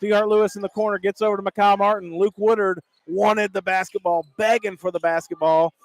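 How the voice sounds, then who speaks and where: A male play-by-play announcer calls a high school basketball game, speaking rapidly and excitably, his voice climbing higher on big plays.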